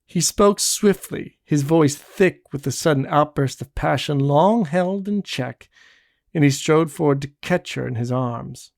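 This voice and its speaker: A man narrating a short story aloud in a measured, expressive way. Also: on the high side, creaky, no echo, studio quality. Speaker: reader. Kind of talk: audiobook narration.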